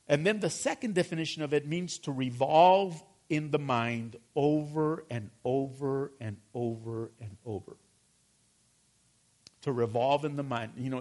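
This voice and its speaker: A man preaching a sermon to his congregation, calling for responses and asking them questions. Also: a little mellow. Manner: drops to a low mutter on repeated verses. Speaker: pastor.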